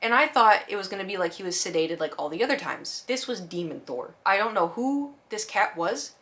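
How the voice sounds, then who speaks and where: Woman vlogger, rapid chatty storytelling, mid-range voice, lots of fillers. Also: medium pitch, expressive, a bit bright. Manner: rapid, chatty, full of "like" and "you know". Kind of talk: casual storytelling to camera.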